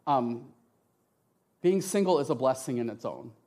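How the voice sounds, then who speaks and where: A man's voice: medium pitch, measured pace. Passionate middle-aged man giving testimony. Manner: passionate and expressive, often asks "right?". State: tearful at times. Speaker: church speaker giving a testimony. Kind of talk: emotional testimony talk with slides.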